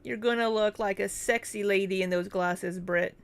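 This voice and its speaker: A woman's voice: mid-range voice, steady tone, normal speed. Laughing young woman reading her chat. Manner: laughs often between chat replies; reads out viewer names and thanks them. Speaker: livestream host. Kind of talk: casual livestream chat reading.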